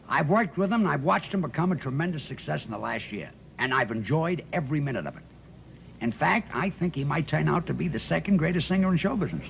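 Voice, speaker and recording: A man's voice: a little high, creaky. A man hosting a televised comedy show, stalling and repeating words as he trades jokes. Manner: halting, repeats himself while fishing for words. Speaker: show host. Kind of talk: comic stage banter. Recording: old TV broadcast with loud noise.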